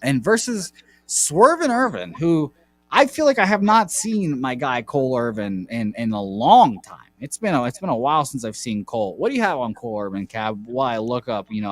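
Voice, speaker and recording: A man hosting a casual sports betting show, rambling and correcting himself as he reels off baseball stats. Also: medium pitch. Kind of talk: casual podcast chat.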